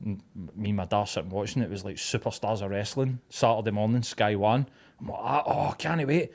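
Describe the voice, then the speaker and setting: A man with a Glaswegian accent, telling stories in casual podcast chat, animated and sweary. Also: fairly low pitch, brisk, gravelly. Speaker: podcast co-host.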